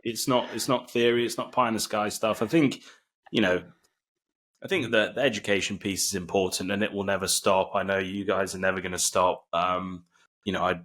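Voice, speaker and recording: A man hosting a podcast, speaking slowly and in a monotone in a casual interview. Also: low voice. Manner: slow and monotone. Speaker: podcast host.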